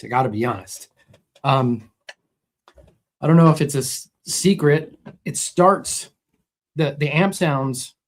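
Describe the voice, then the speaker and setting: A middle-aged man hosting a casual guitar livestream, reading viewer comments and explaining gear in a relaxed, roundabout way. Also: mid-range voice. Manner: relaxed and explanatory, with many restarts. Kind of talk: casual live chat answering viewer comments.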